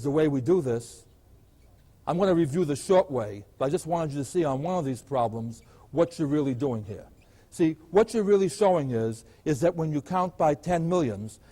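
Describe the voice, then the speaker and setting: An older man teaching math at a blackboard, his voice sitting a little high for a man. He explains each step patiently and keeps asking the class rhetorical questions as he goes. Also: warm tone. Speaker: math professor. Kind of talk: chalkboard math lecture.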